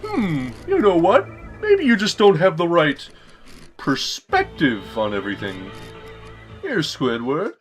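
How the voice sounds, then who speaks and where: A man's voice: a little high, huge pitch swings, soft background music, voice pushed up, heavily acted. A man doing a sneering sing-song villain. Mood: taunting. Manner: mocking, drawn-out, theatrical. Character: sneering, sing-song male villain taunting a night guard.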